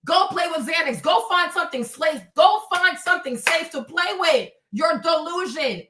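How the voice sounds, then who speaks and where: High, bright-voiced woman ranting profanely. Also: animated, moderate pace, roomy sound, recorded from a distance. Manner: profane, confrontational, mocking. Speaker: livestream host. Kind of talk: heated livestream rant at commenters.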